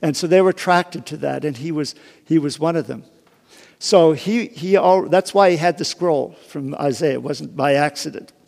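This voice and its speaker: A man's voice: a little high, normal speed, creaky, a little mellow. A man giving an informal sermon, retelling a Bible story conversationally, with many restarts and asides. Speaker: preacher. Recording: long hall reverb.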